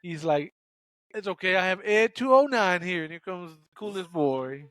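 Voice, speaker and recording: A man's voice: sits high, expressive, moderate pace, a bit bright, dry recording, clean studio sound. A man co-hosting a podcast, chatting casually about a film, sharing trivia and joking with his co-host. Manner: jokey, chatty, shares trivia, acts out quotes. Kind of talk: casual film recap chat.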